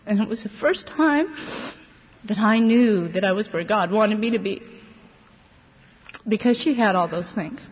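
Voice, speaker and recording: Her voice husky and mid-range, a woman tells her recovery story at a measured pace with long pauses, frank and often laughing. The audio is dull and lo-fi, echoing through a hall over faint noise.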